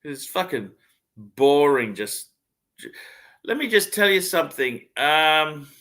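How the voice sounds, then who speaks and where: Male livestream host, blunt and profane, bright tense tone. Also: on the high side, very animated, slow pace. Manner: blunt, swears a lot. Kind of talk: casual chat.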